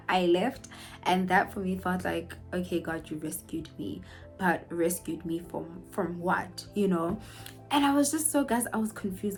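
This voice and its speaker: A young woman from South Africa telling a personal story to her viewers in a storytime vlog. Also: fairly low pitch. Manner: animated storytelling, addresses viewers as guys. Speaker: YouTuber. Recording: faint background music.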